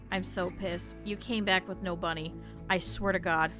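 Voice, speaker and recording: Young woman gaming streamer, bright clear voice, swears a lot at her colonists, bit of game music behind. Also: lowish voice, steady tone, fairly quick. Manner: swears and complains at the game in bursts. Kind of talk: casual gameplay commentary.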